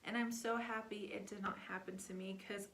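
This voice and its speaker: A woman's voice: mid-range voice, fairly even intonation, moderate pace, a bit bright, a little hiss or hum. A young adult woman telling a family story in a casual, chatty vlog style, full of filler words. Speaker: vlogger.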